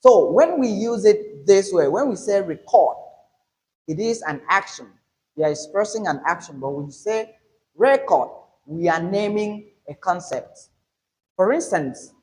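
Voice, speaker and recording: A man delivers a pronunciation lesson as an English teacher, in a fairly high voice. He speaks slowly and deliberately, stressing each example word as he explains. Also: darkish tone, rough recording. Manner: slow, deliberate explanation with emphasized example words.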